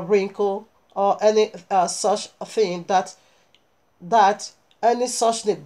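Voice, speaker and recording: A woman's voice: medium pitch, darkish tone. Woman preaching a scripture sermon. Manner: reads scripture aloud and explains it verse by verse, emphatic exhortations.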